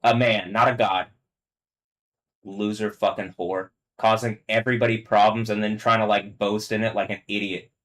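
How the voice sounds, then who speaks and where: A man talking alone on a live stream, ranting angrily and profanely in a halting, filler-filled way, dropping to low mutters and rising to loud, high yelling. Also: flat delivery, low-quality recording. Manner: halting, filler-heavy, restarts often. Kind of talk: rambling solo live-stream monologue.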